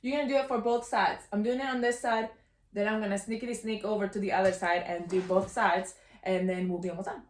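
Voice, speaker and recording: A woman's voice: medium pitch, fairly even intonation, quick pace. A young woman hosting a sewing tutorial, bubbly and self-teasing, talking as she works at a serger. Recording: roomy echo, faint machine noise.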